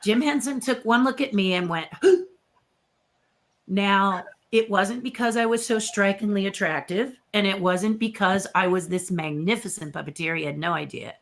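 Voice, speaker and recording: Older woman, guest puppeteer, animated storyteller who plays out the dialogue. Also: mid-range voice, normal speed, few pauses. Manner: lively storyteller who acts out quoted dialogue. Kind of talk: casual storytelling in an interview.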